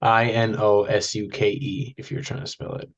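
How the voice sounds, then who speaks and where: A young man co-hosting a podcast in relaxed casual chat, repeating running jokes. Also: lowish voice, moderate pace, muffled recording. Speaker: podcast co-host.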